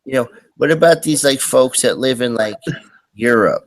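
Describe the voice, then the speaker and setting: A man's voice: medium pitch, moderate pace, dry recording. A man hosting a live stream, chatting casually and rambling with lots of fillers and restarts. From US East Coast. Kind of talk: casual chat.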